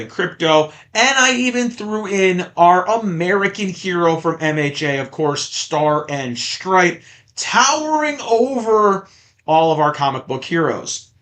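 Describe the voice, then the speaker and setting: Guy host venting sarcastically, high bright voice, takes his time. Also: animated, measured pace. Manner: exasperated, sarcastic, ranting. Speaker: podcast host. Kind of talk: casual ranting chat.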